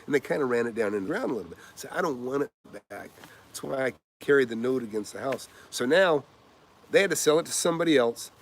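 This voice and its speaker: An older man talking casually about investing, energetic and rambling, with frequent uhs and acted-out quotes. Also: medium pitch, fast. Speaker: real estate investor. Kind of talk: casual advice monologue with anecdotes.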